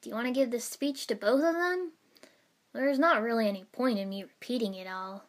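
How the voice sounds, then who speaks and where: A woman's voice: fairly high pitch, a little fast, natural voice. A woman reading a story aloud, voicing a young male ninja with a teasing, offhand manner.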